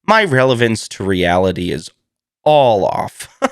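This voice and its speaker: A man chats on his own podcast, laughing often and swearing freely as he rambles. His pitch swings up and down with animated energy. The sound is dry and close, with no room echo. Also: a little slow, clean tone. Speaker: podcast host. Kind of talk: casual solo podcast chat.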